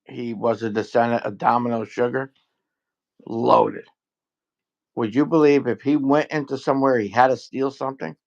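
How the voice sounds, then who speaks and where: A man's voice: mid-range voice, fairly even intonation, moderate pace, highs cut off. A man chatting casually, blunt and swearing freely, mostly giving short replies. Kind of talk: casual chat.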